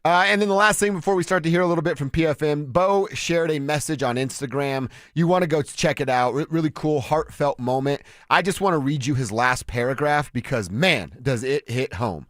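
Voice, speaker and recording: A man from Colorado co-hosting a sports radio show, talking excitably and restarting his sentences. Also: fairly high pitch, fairly quick, hardly any pauses, no room sound, clean studio sound. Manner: excitable, animated, restarts a lot. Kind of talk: casual sports talk. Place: radio studio.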